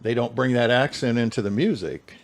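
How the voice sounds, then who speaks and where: Easygoing guest, mid pitch, hesitant, trails off. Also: male voice, a little fast. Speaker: podcast guest. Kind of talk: casual group chat.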